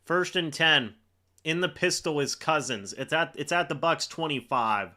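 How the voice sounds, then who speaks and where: A man hosting a live football reaction stream for his chat, excitable and swinging between loud disbelief and deflated muttering. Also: fairly high pitch, moderate pace. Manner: talks to chat. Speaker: fan livestream host. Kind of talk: live game reaction commentary.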